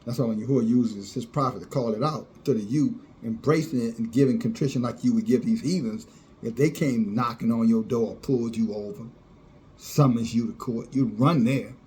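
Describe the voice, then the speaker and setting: A man's voice: mid-range voice, a little fast, warm tone, a little hiss or hum. A man preaching a fiery sermon, scornful and sarcastic, often laughing at those he criticizes.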